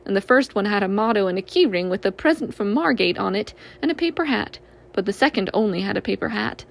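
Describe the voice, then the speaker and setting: A woman gently and expressively reading a children's storybook aloud. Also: medium pitch, lively intonation, quick pace, gravelly.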